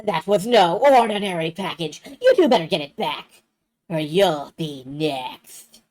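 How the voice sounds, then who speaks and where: A woman's voice: lowish voice, lively intonation, measured pace, a little mellow. A woman voicing a furious male crime boss who bellows threats at his henchmen in a comic reading. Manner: bellowing, menacing.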